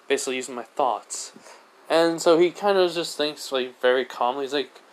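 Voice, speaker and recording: A man's voice: mid-range voice, moderate pace, rough recording. A man narrating a fan-made what-if story in a rambling, casual way. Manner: rambling, many fillers and restarts.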